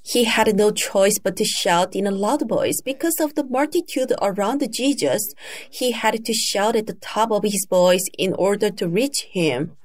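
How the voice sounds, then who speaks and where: A woman delivers a sermon at an unhurried, measured pace. Her voice sits at an ordinary middle pitch, and she tells the story step by step with careful emphasis. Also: animated. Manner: slow, deliberate storytelling with emphatic raised cries for quoted shouts. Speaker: preacher.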